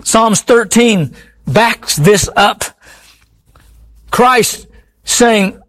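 A man's voice: high-pitched, expressive, a little slow, fairly bright tone. A man preaching a sermon in an earnest, pleading way, often repeating his words.

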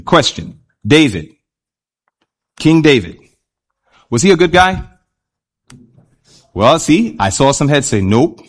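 A man preaching a sermon to a congregation, animated and often asking the audience questions as he reads and explains Bible verses. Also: a little high.

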